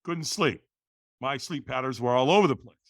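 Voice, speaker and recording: A middle-aged man, a podcast guest, telling a personal story in a lively way, acting out the voices in the quotes and often restarting words. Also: medium pitch, normal speed, no room sound, studio quality.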